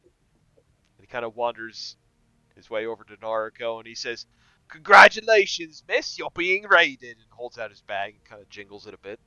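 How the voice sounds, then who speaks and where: A man's voice: lowish voice, level tone, fairly quick, a bit bright, clear, resonant tone, no room sound, muffled recording. A man narrating a tabletop game as game master in a casual, laughing way.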